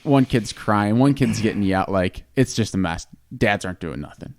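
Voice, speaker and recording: A man's voice: on the low side, lively intonation, moderate pace, a little mellow, dry recording, studio quality. A man co-hosting a podcast, telling stories bluntly with sarcasm and heavy swearing. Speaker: podcast co-host. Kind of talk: casual storytelling chat.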